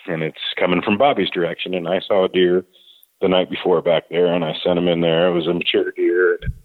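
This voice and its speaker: Deep-voiced man telling a hunting story. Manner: folksy, drawn-out anecdote with quoted dialogue. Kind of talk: casual storytelling. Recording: tinny phone-like line.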